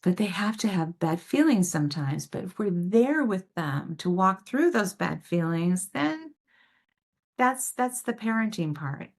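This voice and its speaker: A woman speaks with warm, animated emphasis as she answers parents' questions on a video call. Her voice sits at a middle pitch, and her stories build with rising energy. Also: unhurried. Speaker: parent educator, guest speaker.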